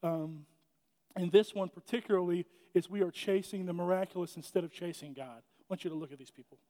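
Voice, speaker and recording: A man's voice: high voice, a little fast, dark tone. A man preaching a casual sermon in a church, chatty and joking, often restarting his sentences. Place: church sanctuary. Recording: echoey church hall.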